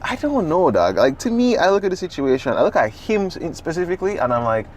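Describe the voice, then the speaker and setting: A man, co-hosting a podcast in casual chat, talking in an animated, profane, rambling way. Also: a little high, fast, slight background noise. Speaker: podcast co-host.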